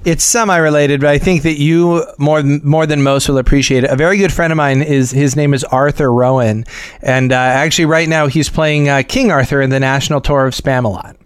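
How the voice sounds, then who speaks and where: A man's voice: on the high side, steady tone, brisk, smooth, no room sound. A man in casual conversation, telling a long story with many ums, uhs and restarts.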